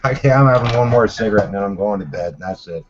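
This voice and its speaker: A man in casual livestream chat, low-key and mumbling, over lo-fi stream audio. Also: quick pace, background noise.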